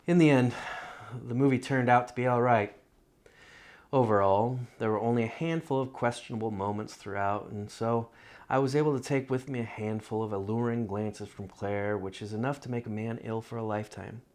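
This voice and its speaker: A man reading his own literary love story aloud in a measured, reflective first-person narration. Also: medium pitch, darkish tone.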